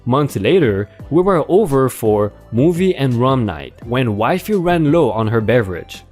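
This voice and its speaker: A man's voice: medium pitch, sing-song, unhurried, hardly any pauses, darkish tone, soft background music. A man hosting a story channel, reading online posts aloud with a hyped delivery.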